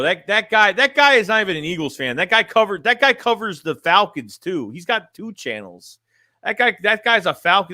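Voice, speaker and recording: Bright-voiced, blunt man streaming casually. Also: high-pitched, no room sound, studio quality. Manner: blunt, rambling, repeats and restarts phrases. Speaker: sports fan streamer reading chat. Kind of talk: casual livestream chat.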